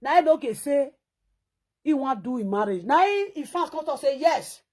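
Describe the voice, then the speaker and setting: A Nigerian woman giving casual live-video commentary to her followers, animated and lecturing, repeating her points for emphasis. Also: high voice, moderate pace. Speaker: social media commentator.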